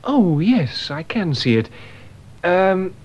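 A man's voice: sits high, sing-song, slow, darkish tone, husky, heavily acted. An actor playing a puzzled, absent-minded young man in a radio drama for language learners. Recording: dull lo-fi radio recording.

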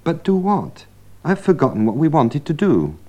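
A man's voice: on the high side, wildly swooping pitch, moderate pace, mellow. A man co-presenting a scripted radio English lesson in a teasing, teacherly way.

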